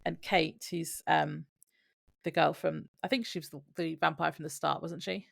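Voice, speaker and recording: Gravelly low woman, dry close sound. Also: steady tone, normal speed, no room sound. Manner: laughs often, hesitant with fillers. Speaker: podcast co-host. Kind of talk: casual chat recapping a TV episode.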